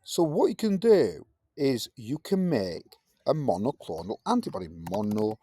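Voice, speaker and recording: A man teaching a science lesson in a playful way, jumping into high, silly voices to act things out. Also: big pitch swings, moderate pace, dark tone, slightly rough, no room sound, studio quality. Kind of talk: classroom lesson.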